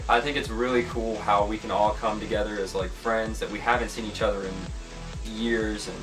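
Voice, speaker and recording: Easygoing man chatting over music. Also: on the low side. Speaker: interviewer and cast member playing Nick. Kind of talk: casual interview chat. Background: background music.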